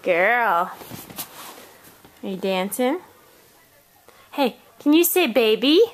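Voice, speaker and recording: A woman's voice: a little high, sing-song, takes it slowly. A young woman talking to a toddler in coaxing, repetitive, sing-song baby talk for a home video.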